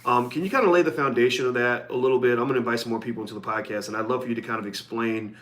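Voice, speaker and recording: A man's voice: medium pitch, fairly even intonation, racing, a bit bright. A man hosting a live podcast, talking conversationally and reading out viewer comments. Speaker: podcast host.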